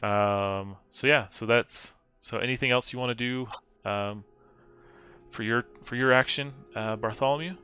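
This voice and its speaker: A man's voice: medium pitch, unhurried, bright, forceful tone, clean tone, no room sound, soft background music. A man running a tabletop horror game as game master, talking casually with lots of fillers.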